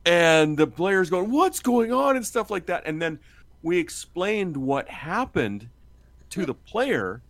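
A man's voice: on the high side, lively intonation, slow, a bit bright, no room sound. A man telling a story in casual chat, laughing often, swearing freely and acting out the lines.

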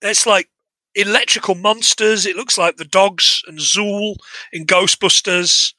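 An English man casually retelling a film plot to a co-host, animated and chatty, laughing and swearing now and then. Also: sits high, unhurried, no echo, low-quality recording. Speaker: podcast co-host. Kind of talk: casual film recap chat.

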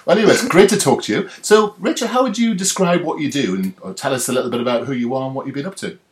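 A man's voice: medium pitch, lively intonation, fast talker. A man hosting a podcast interview, chatty and friendly with some restarts. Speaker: podcast host.

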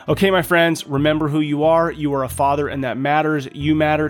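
A man's voice: a little high, little pitch movement, brisk, few pauses, soft background music. A man in his thirties hosting a podcast, talking earnestly and casually to listeners, asking them lots of questions. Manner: earnest, conversational, asks listeners many questions. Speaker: podcast host. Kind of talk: casual motivational monologue.

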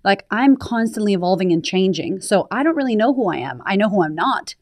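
A woman's voice: mid-range voice, lively intonation, fairly quick, no room sound, studio quality. A woman talking openly and emphatically as a guest on an interview podcast, telling her story. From United States. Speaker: podcast guest, confidence coach. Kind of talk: candid interview conversation.

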